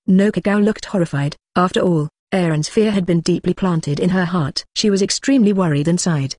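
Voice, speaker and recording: A synthetic voice narrating a fan-fiction audiobook in a flat, even reading with odd phrasing. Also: medium pitch, fairly quick, few pauses, no echo.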